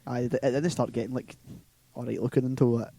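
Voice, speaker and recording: A man's voice: medium pitch, fairly even intonation, fast talker, vocal fry, warm tone. A man co-hosting a casual podcast chat, joking around and laughing often with sarcastic asides. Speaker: podcast co-host.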